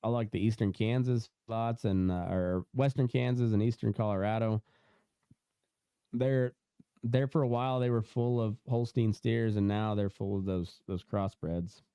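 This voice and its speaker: A young podcast host leads a loose, casual conversation, rambling through fillers and restarts and laughing often. His lowish voice is smooth, clear, mellow, and steady at normal speed. The recording is dry, close, and muffled, with no echo or room sound.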